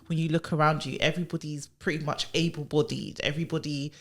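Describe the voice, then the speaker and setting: Low-voiced woman co-hosting. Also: fast. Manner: relaxed, asks questions and sums up. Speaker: podcast co-host. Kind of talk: casual chat.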